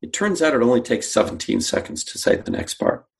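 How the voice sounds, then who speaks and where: Gravelly, animated male storyteller. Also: mid-range voice, brisk. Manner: animated storyteller acting out quoted dialogue. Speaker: guest, sales company founder. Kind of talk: storytelling interview.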